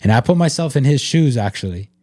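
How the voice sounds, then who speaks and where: A man's voice: medium pitch, expressive, fast, a little mellow, no echo, clean studio sound. A man hosting a casual faith-based podcast chat, talking in an earnest, reflective way and leaning on lots of "like" fillers. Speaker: podcast host.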